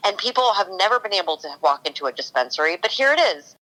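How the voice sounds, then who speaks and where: A woman's voice: medium pitch, sing-song, fast, bright, forceful tone, poor audio. A woman working as a cannabis consultant for a TV show, talking enthusiastically in a casual podcast interview. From California. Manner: enthusiastic, storytelling.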